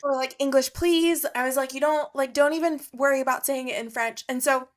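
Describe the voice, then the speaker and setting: A woman's voice: sits high, fairly even intonation, fairly quick. A woman co-hosting a podcast, telling a story in casual chat and laughing often. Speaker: podcast co-host.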